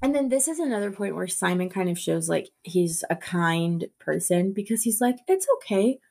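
A woman co-hosting a casual book podcast, talking in an animated way and acting out characters' lines in quick voices. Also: fairly low pitch, vocal fry, slightly rough. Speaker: podcast co-host.

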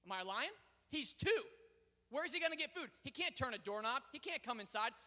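A young man preaching a sermon as pastor, swinging between loud proclaiming and quiet storytelling. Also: extremely high pitch, animated, fairly quick. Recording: long reverb of a large hall.

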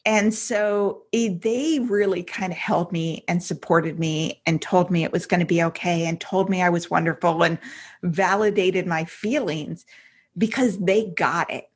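A woman in her forties, a podcast guest, telling her story openly and emotionally, with many fillers and quick asides. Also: lowish voice, slightly rough. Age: 40s. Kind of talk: candid personal story in an interview.

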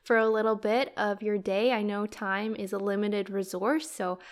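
A woman's voice: medium pitch, flat delivery, moderate pace. Woman podcast host, mid-range voice, casual, upbeat and gushing in her solo intro. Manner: warm, gushing, enthusiastic; faith-filled, prayerful phrasing.

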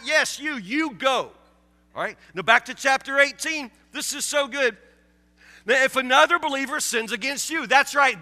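A man's voice: extremely high pitch, bright, forceful tone, big-room sound. A male pastor preaching a sermon with emphatic repetition, acting out his listeners' objections. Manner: emphatic, repeats key phrases, acts out listeners' objections.

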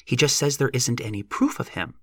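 A man's voice: medium pitch, a little fast, bright, forceful tone, dry recording, studio quality, voice pushed up. A man voicing a clever, impish young woman who talks in a provocative, knowing way. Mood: teasing.

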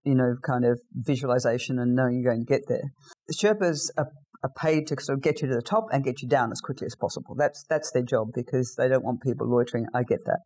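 A middle-aged Australian woman, a guest in an interview, telling lively anecdotes in a casual way. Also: very deep voice, fast. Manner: lively anecdotal storyteller, acts out quoted lines.

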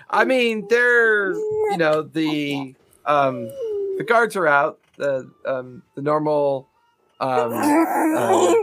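A man's voice: fairly high pitch, wildly swooping pitch, very slow, a bit bright, dry recording. A man narrating as game master of a tabletop game, rambling with many fillers and laughing often.

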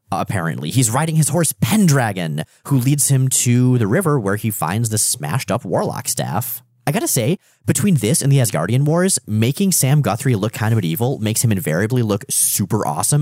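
A man co-hosting a podcast, chatting about comics in an animated, wry way. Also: fairly low pitch, moderate pace, no room sound, clean studio sound. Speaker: podcast co-host. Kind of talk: casual comic-book chat.

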